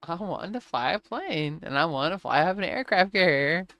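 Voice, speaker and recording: Woman gamer rambling on stream, gravelly voice, dry close mic, laughs a lot. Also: fairly low pitch, expressive, normal speed, a bit bright, dry recording. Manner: chatty storytelling, laughs often, acts out quotes. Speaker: gaming streamer. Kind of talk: casual chat while playing a flight game.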